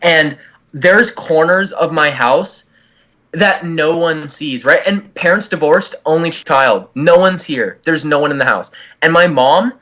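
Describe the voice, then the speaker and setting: Young california guy, kinda high voice, rambly and swearing, acting it all out on a chill podcast. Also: measured pace, fairly bright tone. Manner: rambling, profane, acts out what he describes. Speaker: podcast guest. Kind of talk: casual comedic storytelling.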